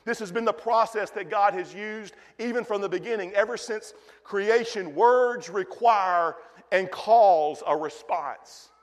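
A pastor delivering a folksy, emphatic sermon, repeating key phrases for weight, recorded in a church sanctuary. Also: male voice, sits high, measured pace, long reverb tail. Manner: folksy, emphatic preaching with repetitions.

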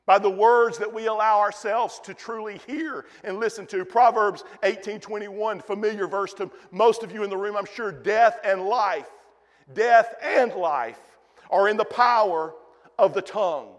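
A pastor delivering a folksy, emphatic sermon, repeating key phrases for weight, recorded in a church sanctuary. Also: male voice, high-pitched, fairly even intonation, normal speed, big-room sound. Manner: folksy, emphatic preaching with repetitions.

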